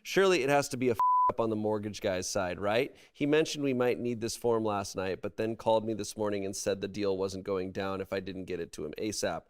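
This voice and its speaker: A man's voice: lowish voice, fairly quick, hardly any pauses, clear, resonant tone. A man hosting a casual comedic podcast, reading online stories aloud and adding wry, amused remarks. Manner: wry, amused commentary between read passages.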